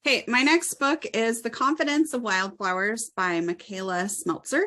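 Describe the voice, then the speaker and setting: A woman co-hosting a book review chat, summarizing a plot in a steady, plain way. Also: on the high side, moderate pace.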